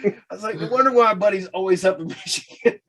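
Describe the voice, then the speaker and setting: A man's voice: sits high, normal speed, fairly bright tone. A man hosting a podcast, chatting casually, who laughs often and stammers a little as he tells stories. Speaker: podcast host. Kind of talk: casual chat.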